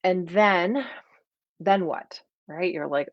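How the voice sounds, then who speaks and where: A woman, a performance coach talking casually to an online audience in a chatty, animated way that slips into acted-out quoted voices. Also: lowish voice, unhurried, no echo. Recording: dry, slightly dull lo-fi sound.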